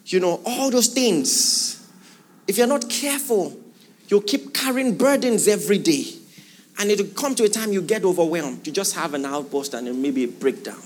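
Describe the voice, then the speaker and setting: A man preaching a sermon to a congregation in a church hall, asking them rhetorical questions. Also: high-pitched. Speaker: pastor.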